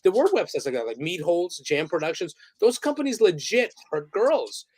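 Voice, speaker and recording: A man's voice: high-pitched, big pitch swings, moderate pace, a little mellow, breathy edge. A man guesting on an interview podcast, telling rambling, profane stories and laughing as he goes. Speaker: interview guest, photographer and director. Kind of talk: casual storytelling interview.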